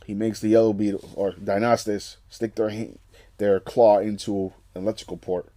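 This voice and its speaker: A man's voice: on the low side, little pitch movement, normal speed, warm tone, no echo. A man reading a comic book aloud and narrating the story, with casual explanatory asides. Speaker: comic reader.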